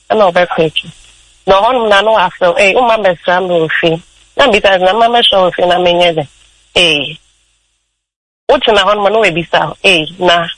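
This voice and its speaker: A woman's voice: mid-range voice, fairly bright tone, no echo, poor audio. A woman with a Ghanaian accent calling in to a radio show, telling her story mostly in Twi. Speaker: caller. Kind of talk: call-in radio conversation.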